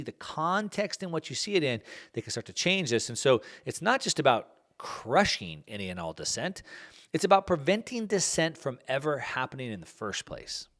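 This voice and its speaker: A man hosting a podcast, talking off the cuff in a rambling way, with many fillers and restarts. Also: medium pitch. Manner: plugs his own book. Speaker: podcast host. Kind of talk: casual podcast monologue.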